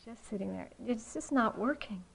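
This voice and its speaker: A woman meditation teacher giving a dharma talk in a slow, reflective way, with soft pauses. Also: a little high, animated, vocal fry, husky, poor audio.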